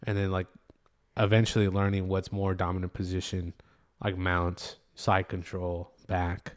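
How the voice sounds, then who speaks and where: A laid-back man talks in casual podcast chat. His voice sits a little low, and he rambles along with plenty of fillers and trailing thoughts. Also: completely flat delivery, measured pace. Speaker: podcast co-host.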